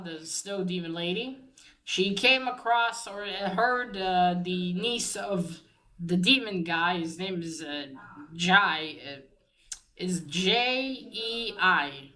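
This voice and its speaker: A woman talks through a comic book story in a loose, unscripted way, dropping fillers and starting her sentences over as she relays what the characters say. Her voice is bright and forward, sitting at an ordinary pitch for a woman. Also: takes it slowly, low-quality recording. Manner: rambling, many fillers and restarts, quotes characters in passing. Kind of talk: casual spoken comic recap.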